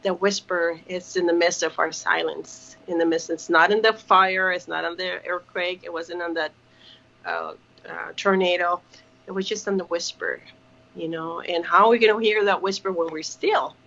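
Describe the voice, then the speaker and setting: A woman's voice: lowish voice, fairly even intonation, normal speed, gravelly, fairly bright tone. A woman speaking earnestly over a video call from her kitchen, with many fillers and restarts. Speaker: ministry partner. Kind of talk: casual video call chat. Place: home kitchen. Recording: dull lo-fi call audio.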